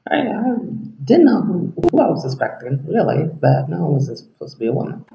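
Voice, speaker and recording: Rambling man with a dark, gravelly voice. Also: fairly high pitch, very animated, a little fast. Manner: rambling, acts out quoted dialogue, drops to a whisper at times. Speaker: vlogger. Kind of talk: casual personal storytelling to camera. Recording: roomy, dull lo-fi sound.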